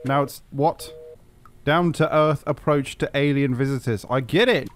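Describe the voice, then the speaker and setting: A man's voice: mid-range voice, unhurried, slight background noise. A young man giving casual, sarcastic gameplay commentary, swearing freely and yelping when startled. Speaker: gaming commentator.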